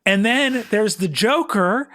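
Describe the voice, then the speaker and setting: A man guesting on a comedy podcast, telling an excitable story and acting out quotes as he goes. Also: sits high, slow, no room sound, studio quality. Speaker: guest, game master.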